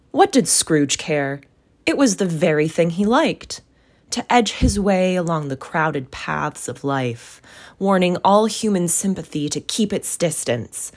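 A woman reads a classic novel aloud at a slow, unhurried pace. Her voice sits low. She phrases each line in a measured, careful way. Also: a little mellow. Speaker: storyteller.

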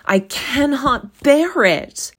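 A woman doing an old miser, broken voice, slow loud cries, raised pitch, pleading. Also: lively intonation, exaggerated voice. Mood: anguished pleading.

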